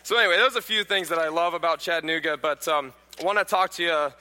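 Brief: bright, forceful male preacher in his 30s, jokey, echoey hall. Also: fairly high pitch, fast. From Pennsylvania. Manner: joking, questions the audience. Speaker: guest preacher. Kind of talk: sermon with humorous stories.

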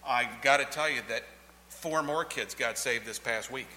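A man's voice: mid-range voice, moderate pace, sharp tone. A man, the host pastor, giving upbeat church announcements and introducing the next speaker. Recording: echoey hall, faint crowd.

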